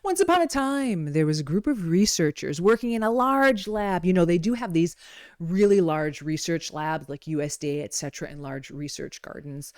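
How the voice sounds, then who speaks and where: Speaking at a normal pace with lively intonation, this lowish-voiced woman gives a chatty, playful wellness talk that strays into tales and tangents. Her modest home microphone delivers a dry, studio-quality recording.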